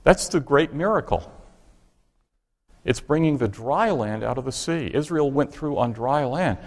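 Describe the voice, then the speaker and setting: A man's voice: mid-range voice, animated, a little slow, big-room sound. A man preaching a sermon, driving his points home with pointed rhetorical questions. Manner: emphatic, asks the congregation rhetorical questions.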